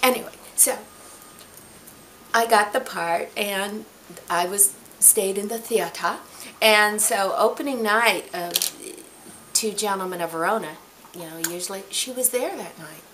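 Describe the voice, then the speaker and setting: A bright, clear-toned older woman, a stage actress in her sixties, spinning a backstage story. She talks in an animated way and slips into the voices of the people she quotes. Her pitch sits in the middle for a woman, and there is a faint hum of noise behind her. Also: a little slow. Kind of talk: anecdotal storytelling.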